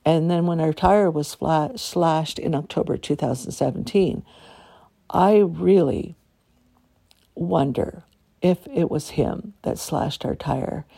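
Older woman from Canada, low gravelly voice, rambling aggrieved vlog monologue. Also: takes it slowly, mellow. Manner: rambling, aggrieved, with many restarts. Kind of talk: personal monologue.

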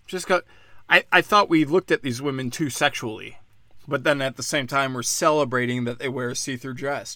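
A man's voice: mid-range voice, fairly quick, bright, forceful tone, no echo. A man from Pennsylvania delivering a solo political rant, profane and mocking, firing off sarcastic rhetorical questions.

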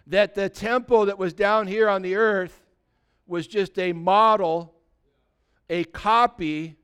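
A man's voice: sits high, fairly even intonation, takes it slowly, a bit bright, clean tone. A male pastor delivering an earnest sermon, exhorting his congregation directly.

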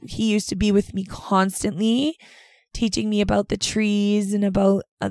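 A woman's voice: medium pitch, darkish tone, dry recording. A middle-aged woman hosting a podcast, telling a personal story in an earnest, rambling way with many fillers. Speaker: podcast host.

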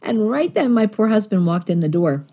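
A woman's voice: medium pitch, animated, normal speed, crowd noise. A woman sharing a personal faith testimony in an earnest storytelling manner, acting out the thoughts she quotes.

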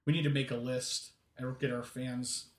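A man's voice: mid-range voice, little pitch movement, moderate pace, far from the mic. A man co-hosting a casual podcast chat, rambling with lots of fillers and restarts. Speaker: podcast co-host. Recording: roomy, from off-mic.

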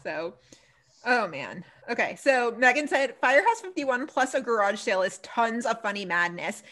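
Chatty higher-voiced woman recapping TV. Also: normal speed. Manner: animated, laughing, lots of "like" and "so funny". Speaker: podcast co-host. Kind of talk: casual chat recapping TV episodes.

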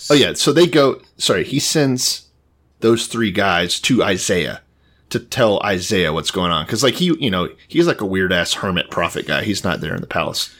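Low-voiced, lively podcast co-host, male. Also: normal speed. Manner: laid-back, profane, summarizing the story. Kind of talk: casual chat.

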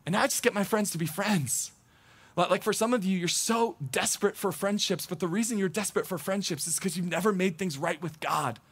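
High-voiced animated male pastor. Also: a little fast, husky. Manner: conversational, animated, acts out quoted thoughts. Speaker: teaching pastor. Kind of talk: sermon.

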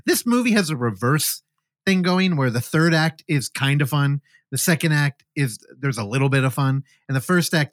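A man co-hosts a movie podcast, recapping a film in a casual, animated way with some swearing and silly mock voices as he acts out scenes. His voice sits a little high, and the recording is clean studio sound with no room echo.

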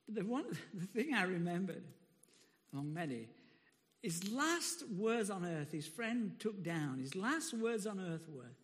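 A high, bright male voice preaching with lively swings of pitch, emphatic and quick to laugh. His sermon rings out in a church hall with a long reverb. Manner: animated, emphatic, laughs often.

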